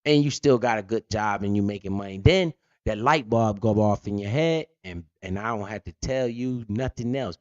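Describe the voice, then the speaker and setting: Profane, fast-joking crypto host, muffled recording. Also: male voice, fairly low pitch, no echo. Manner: profane, blunt, joking rant. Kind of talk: unscripted market commentary. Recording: dull lo-fi dry audio.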